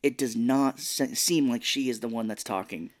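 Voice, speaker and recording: A man of middle pitch talks through a movie plot in a relaxed, conversational way. He tells it like a story to a friend and drops into brief mocking impressions of the characters along the way. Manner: easygoing storyteller who slips into quick mocking voices of the characters. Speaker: podcast co-host. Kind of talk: casual chat recapping a film.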